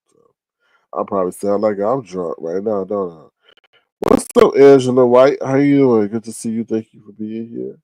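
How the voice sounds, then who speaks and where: A man's voice: medium pitch, expressive, normal speed, gravelly, dark tone, no room sound. Sleepy rambling man on a livestream. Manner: rambling, trails off and restarts often. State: sleepy, yawning. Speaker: livestream host. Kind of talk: casual live-chat commentary.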